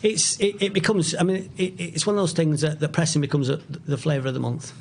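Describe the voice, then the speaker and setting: A man, middle-aged, talking as a guest in a casual podcast chat, opinionated and halting with many restarts. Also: a little high, steady tone. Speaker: guest, football author.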